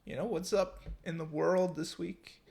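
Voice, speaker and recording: A woman's voice: fairly low pitch, steady tone, unhurried, creaky, darkish tone. A woman co-hosting a podcast in goofy, rambling casual chat. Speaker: podcast co-host.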